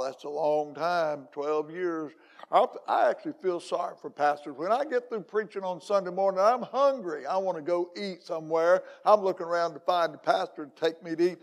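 A man's voice: fairly high pitch, big-room sound. An older man, an evangelist, preaching a folksy, joking sermon in a church with plenty of fillers. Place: church sanctuary.

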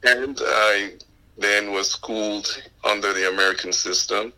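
A man from Panama with a West Indian accent, a guest in a casual interview, speaking in a measured, earnest way. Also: lowish voice, fairly even intonation, pushed and bright, poor audio. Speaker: podcast guest.

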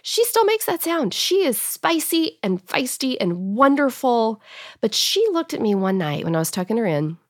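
A woman's voice: on the high side, very animated, normal speed, no echo, studio quality. A woman in her thirties, an author guest talking about her book on a podcast, emotional and laughing often. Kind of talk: podcast interview.

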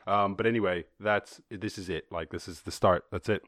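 A man's voice: sits low, steady tone, normal speed, fairly bright tone, no room sound, studio quality. A man with an Irish accent hosting a podcast, riffing on news stories in casual, profane commentary with joking asides and sarcastic put-on voices. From Ireland. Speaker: podcast host.

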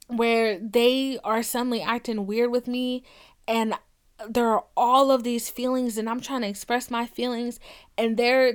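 Young woman podcast host, fairly high voice, blunt and foul-mouthed, animated storytelling. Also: smooth. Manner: blunt, profane and animated, acting out quoted arguments. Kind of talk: candid podcast talk.

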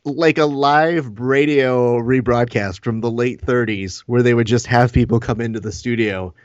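A man's voice: mid-range voice, normal speed, dry recording. A man co-hosting a podcast, chatting casually in dry, mock-formal compliments. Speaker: podcast co-host. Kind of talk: casual chat. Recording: dull dry lo-fi podcast audio.

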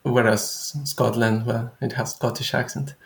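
A young man speaking as a guest researcher in a casual conversation, thoughtful and halting, often restarting his sentences. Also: mid-range voice, flat delivery, vocal fry, echoey room.

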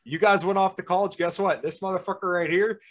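A man's voice: sits high, fairly even intonation, a little fast, fairly bright tone. A young man in his twenties chatting casually as a podcast co-host, laid-back and agreeable. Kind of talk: casual chat.

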